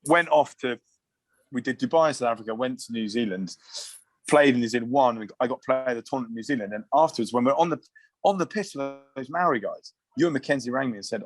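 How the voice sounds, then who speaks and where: A man in his thirties telling loose, animated rugby stories in casual podcast chat. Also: mid-range voice, fast, no room sound. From England. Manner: animated, swearing anecdotes with asides and restarts. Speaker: guest, former rugby player.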